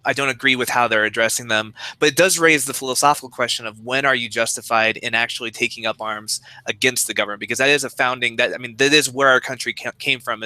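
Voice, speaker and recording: A man co-hosting a podcast in casual chat, speaking in a measured, reflective way. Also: mid-range voice, pushed and bright, dry recording, poor audio. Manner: measured and reflective, weighs both sides. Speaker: podcast co-host.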